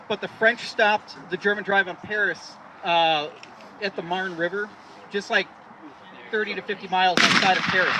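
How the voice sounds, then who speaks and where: A man giving a rambling outdoor history talk at a re-enactment, with many fillers and restarts. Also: high voice. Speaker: re-enactment presenter. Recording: distant outdoor recording with loud background noise.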